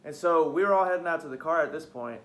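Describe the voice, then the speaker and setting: A man's voice: fairly high pitch, fast, fairly bright tone. A young man hosting a podcast, telling a story in casual, profane, heated chat. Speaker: podcast host.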